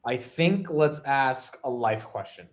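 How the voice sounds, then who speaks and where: A man's voice: mid-range voice, expressive, takes it slowly. A man co-hosting a live stream, chatting casually and joking, often letting his sentences fade out. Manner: joking, often trailing off quietly. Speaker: stream co-host. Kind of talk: casual chat.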